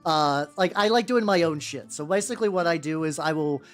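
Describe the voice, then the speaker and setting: A woman's voice: low voice, fairly quick. A woman from America streaming as a VTuber while painting miniatures, chatting casually with viewers in a rambling, profane way. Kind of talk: casual livestream chat. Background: faint background music.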